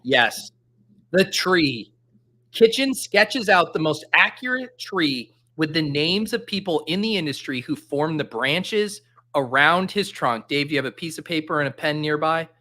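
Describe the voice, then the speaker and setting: A man hosting a casual livestream chat, excitable and laughing often. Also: on the high side, a little slow. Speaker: host.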